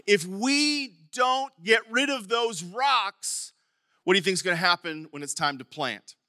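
Animated high-voiced male preacher. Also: a little slow, no echo, clean studio sound. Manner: animated preaching with sudden emphatic bursts; stumbles and repeats words at times. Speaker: pastor. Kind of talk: sermon.

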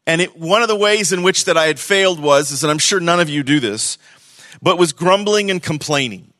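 Guy preaching to his church, kinda high voice, goes loud then real quiet. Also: fairly quick, no echo. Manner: animated, conversational preaching with shifts from loud to hushed. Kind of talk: sermon. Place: church service.

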